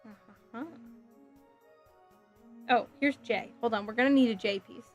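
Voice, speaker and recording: A woman's voice: on the high side, unhurried, faint music behind. A woman live streaming as she builds a model kit, chatting with viewers in a sassy, giggly way. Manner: sassy, playful, giggly, reacts to chat messages.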